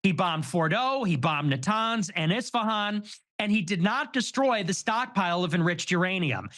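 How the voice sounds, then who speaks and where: A man hosting a show, giving casual political commentary in an animated, quick-reasoning way. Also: high voice. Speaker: show host.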